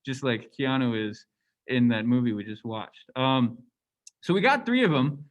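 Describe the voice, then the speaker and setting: A man's voice: mid-range voice, animated, normal speed, narrow, tinny audio. A man giving a casual university lecture, talking conversationally and often asking rhetorical questions.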